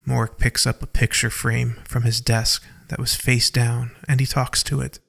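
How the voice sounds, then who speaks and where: A man giving slow, deliberate scripted narration for an audio drama. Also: mid-range voice, little pitch movement, vocal fry, fairly bright tone.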